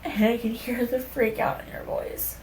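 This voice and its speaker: A woman's voice: fairly high pitch, level tone, moderate pace, a little mellow. A young woman speaking candidly and rawly, telling a personal story in conversation and swearing casually. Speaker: podcast guest. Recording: echoey room with faint background hum.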